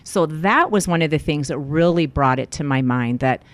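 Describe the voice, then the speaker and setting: A woman's voice: low voice, moderate pace, dry recording. A middle-aged woman, a life coach, telling a personal story in an interview and acting out the lines of the people in it. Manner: animated storyteller, acts out quoted lines.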